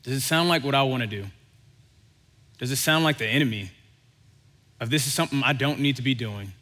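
Speaking a little fast, this pastor's middle-pitched voice sounds pushed and bright as he delivers a relaxed, conversational sermon. He grows livelier while telling a story and voicing its characters, and the hall adds a long reverb tail.

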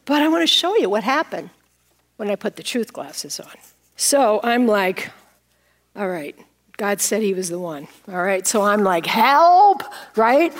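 A woman's voice: mid-range voice, lively intonation, normal speed. A middle-aged woman pastor giving a sermon with props and a personal story, playful and laughing at herself.

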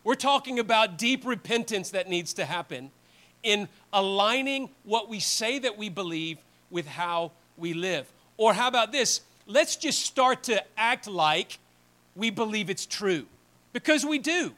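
A man's voice: high voice, expressive, unhurried, sharp tone. A man preaching a sermon in a conversational, earnest way, often restarting phrases. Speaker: pastor.

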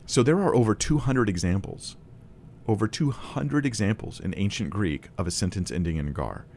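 A man's voice: lowish voice, lively intonation, moderate pace, darkish tone, slight background noise. A man teaching a Bible lesson to camera in a casual, conversational way, thinking aloud with restarts and small laughs.

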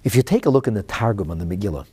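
A man teaching a Talmud class, who swings from loud dramatic exclamations to hushed whispers. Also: fairly low pitch, animated, racing, slightly rough.

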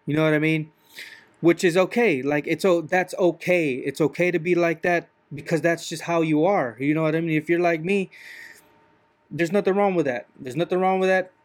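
A man's voice: fairly high pitch, steady tone, normal speed. A man, a truck driver, talking in a rambling, casual monologue, often repeating "you know what I mean".

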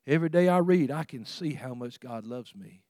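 A man's voice: medium pitch, expressive, moderate pace, dry recording. Folksy preacher man, dry close sound. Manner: folksy, conversational preaching with chuckles; swells louder for emphasis, drops soft for tender points. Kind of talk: sermon.

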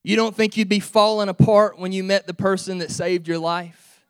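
A man, an assistant pastor, preaching a sermon in an impassioned, shouting preacher's cadence. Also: high voice, fairly even intonation, normal speed, clear, resonant tone.

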